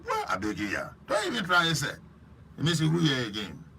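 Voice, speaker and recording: A man with a Liberian English accent hosting a live stream, chatting lively and preachy while teasing viewers by name. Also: a little high, brisk, vocal fry, slight background noise. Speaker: host.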